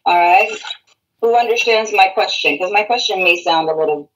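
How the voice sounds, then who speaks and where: In a rough recording, a radiology instructor gives a classroom lecture in a medium-pitched voice at normal speed. She repeats key terms and asks her students questions to check they understand.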